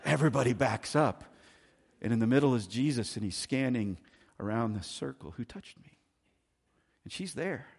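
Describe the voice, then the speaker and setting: A male pastor delivering a sermon, shifting from loud, emphatic lines to hushed, quiet asides. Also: moderate pace, gravelly, breathy edge. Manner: dynamic preaching, swinging between loud emphasis and hushed, low asides.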